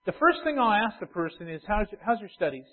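A man's voice: sits high, big pitch swings, quick pace. A male pastor preaching a sermon, repeating key phrases and building in intensity. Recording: tinny phone-like sound.

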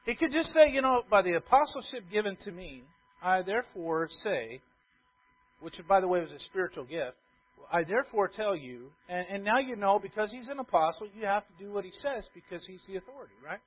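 A pastor preaching a sermon to his congregation, who drops to quiet asides, then builds to loud emphatic repetitions and asks the room questions. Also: high-pitched, lively intonation, brisk, breathy edge. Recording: tinny phone-like sound.

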